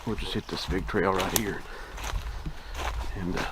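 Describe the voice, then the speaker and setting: A man's voice: deep voice, fairly even intonation, measured pace, very noisy. An older man, talking casually and rambling while he hikes up a wooded trail, out of breath, into his camera mic. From Kentucky. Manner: rambling, folksy, with many fillers. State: out of breath from climbing. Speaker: outdoor vlogger. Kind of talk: casual narration while hiking. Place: wooded hillside trail outdoors. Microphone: camera microphone.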